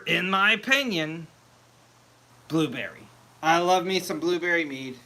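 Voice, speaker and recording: Chatty male livestream host, bright tense voice, slightly high, laughs at his own jokes. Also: expressive, unhurried. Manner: chatty, laughs at himself, reads viewer comments aloud. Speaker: home mead maker hosting a livestream. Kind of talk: casual livestream chat. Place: home meadery.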